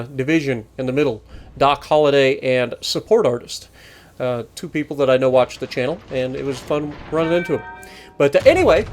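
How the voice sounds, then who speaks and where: Animated male gameplay commentator. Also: fairly high pitch. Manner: animated, joking, teasing opponents. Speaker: gaming channel host.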